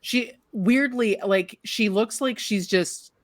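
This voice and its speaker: A woman's voice: mid-range voice, slow pace, dry recording, studio quality. A woman narrating as game master of a tabletop role-playing game, giggly and rambling with many fillers.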